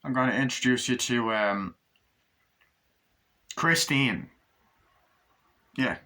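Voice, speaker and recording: A man casually reviewing a film, rambling and acting out the characters' lines in quick little voices, swearing freely. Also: mid-range voice, pushed and bright. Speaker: movie reviewer.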